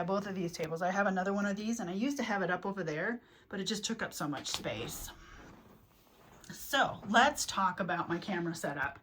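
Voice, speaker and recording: A woman's voice: mid-range voice, a bit bright, slight background noise. Chatty woman giving a craft room tour. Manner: chatty, rambling, listing items with fillers. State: slightly out of breath. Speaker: craft vlogger.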